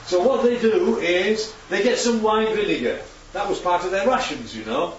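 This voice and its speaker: A man preaches in a chatty, conversational way, tossing in tag questions as he teaches from slides. His voice sits fairly high and swings widely in pitch. He sounds far from a dull microphone in an echoey room with a faint hum behind him. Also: animated, moderate pace. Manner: chatty, full of tag questions like yeah and right. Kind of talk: informal Bible teaching talk.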